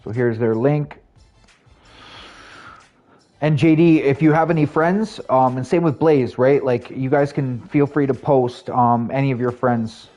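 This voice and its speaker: A young man live streaming and chatting casually with viewers, rambling, laughing at himself and jumping into high voices for quotes. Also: unhurried, dark tone, highs cut off, soft background music. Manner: rambling, self-mocking, laughs often, jumps pitch for quoted voices.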